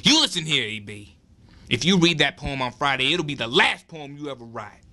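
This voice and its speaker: A young man voicing a menacing, lanky male school bully with a heavy Southern US drawl, speaking slowly and low at a live open mic. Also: big pitch swings, pushed and bright, full character voice. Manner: slow, low, threatening.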